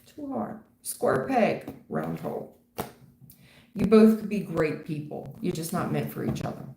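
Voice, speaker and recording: A woman's voice: on the low side, sing-song, unhurried, gravelly, mellow. A woman reading tarot for viewers on a livestream, blunt and casual, calling people hun and baby, laughing and swearing. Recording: roomy echo with faint noise.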